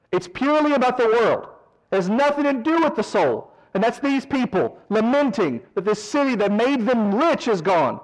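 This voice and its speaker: A man leading a verse-by-verse Bible study, animated, swinging from loud emphasis to quiet asides and mocking mourners in a whiny voice. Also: sits high, rough recording. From American South. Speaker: Bible teacher.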